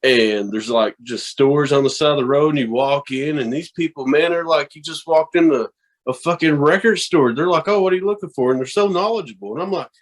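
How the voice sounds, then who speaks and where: A man's voice: fairly high pitch, fairly quick. A man from the American South, a podcast guest telling stories in casual, profane chat and acting out other people's voices. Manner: animated, profane, acts out quoted voices.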